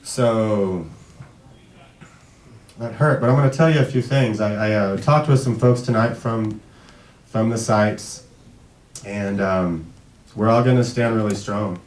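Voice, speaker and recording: A man in his thirties giving an emotional tribute speech at a memorial event, halting and full of restarts, sometimes fighting back tears. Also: on the low side, a little hiss or hum. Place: event hall. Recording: echoey hall, far from the mic.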